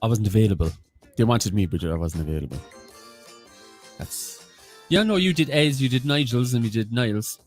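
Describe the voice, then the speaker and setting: Male quiz co-host, animated pitch, friendly shout-outs to viewers. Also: normal speed, long pauses, faint music behind. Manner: chatty, greeting viewers by name. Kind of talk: casual banter on a livestream.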